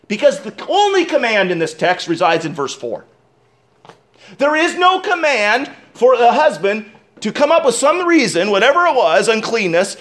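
A male pastor preaching a sermon, speaking emphatically, with sudden loud stresses and quiet asides, and putting questions straight to his congregation. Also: sits high. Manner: asks the congregation direct questions.

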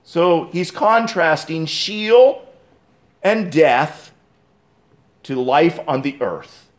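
A man delivering an expository sermon as pastor, preaching emphatically with dramatic pauses and restarts. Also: on the high side.

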